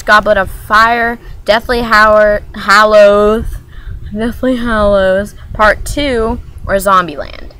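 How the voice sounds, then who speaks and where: A woman's voice: mid-range voice, fairly bright tone, a little hiss or hum. A woman from Maryland chatting casually in a vlog, talking in a hyper, rambling way that jumps from topic to topic. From Maryland, USA. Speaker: vlogger.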